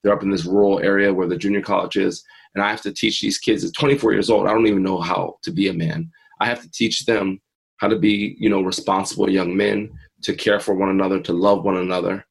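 A man's voice: low voice, little pitch movement, fairly quick, vocal fry, breathy edge, poor audio. A man in his forties, an interview guest and mindset coach, telling a personal story earnestly and acting out his own past thoughts.

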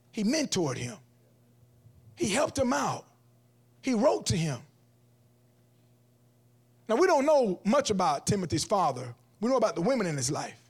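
A man, preaching an energetic, comic sermon as guest speaker at a church event. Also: high-pitched, slightly rough. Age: 40s. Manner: animated, comic, acts out quotes in different voices. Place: church event hall before an audience.

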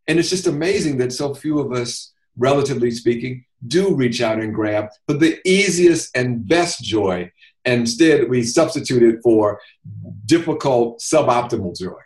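Measured, thoughtful male doctor guest. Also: mid-range voice, lively intonation, a little mellow, poor audio. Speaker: physician guest. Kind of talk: reflective interview talk.

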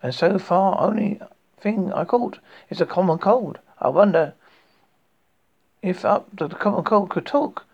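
A gravelly, husky man in his late fifties reads his own horror story aloud. He rambles and breaks off into jokey asides. The recording is dull and lo-fi. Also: high-pitched, animated, measured pace, a little mellow. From United Kingdom. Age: 50s. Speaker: horror podcast host.

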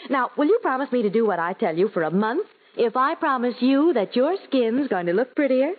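A woman's voice: on the high side, expressive, a little fast. An actress playing a chatty, bossy woman giving her friend advice in a 1940s radio ad, coaxing and instructive. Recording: tinny 1940s radio broadcast.

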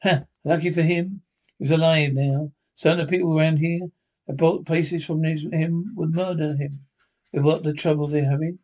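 A man's voice: a little high, fairly even intonation, darkish tone. A man doing a chatty police sergeant. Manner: brisk, chatty, gossipy. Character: affable male desk sergeant, talkative neighbour.

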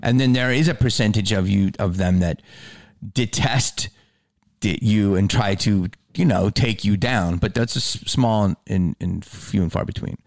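A man hosting a podcast in casual chat, an animated storyteller who swears freely and sometimes drops to a low mutter. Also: moderate pace, gravelly, no room sound, studio quality. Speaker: podcast host.

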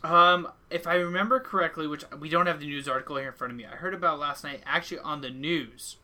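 A man's voice: a little high, fast talker, sharp tone. A man co-hosting a casual podcast, brash and profane in a joking way. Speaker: podcast co-host.

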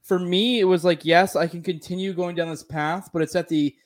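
A man's voice: high voice, steady tone, fairly quick. A man who served in the military, rambling through casual, profane podcast talk full of fillers. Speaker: military veteran, podcast co-talker.

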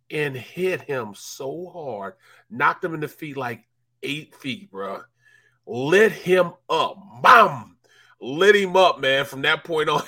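Animated, bright-voiced male sports storyteller. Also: on the high side. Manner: animated storyteller who acts out teammates with loud raised voices and laughter. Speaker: co-host, former football player. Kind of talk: casual sports talk storytelling.

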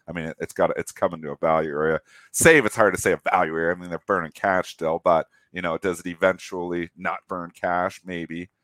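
Nasal, deep-voiced middle-aged man. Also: steady tone, fairly quick, a bit bright, dry recording. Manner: opinionated, talks through trades. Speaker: co-host. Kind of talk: casual market chat.

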